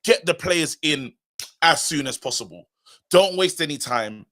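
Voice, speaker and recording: A man's voice: fairly high pitch, unhurried. A man in his thirties, co-hosting a football fan live stream in casual, emphatic chat that repeats its points. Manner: animated, emphatic, repeats himself. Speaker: co-host of a football fan show.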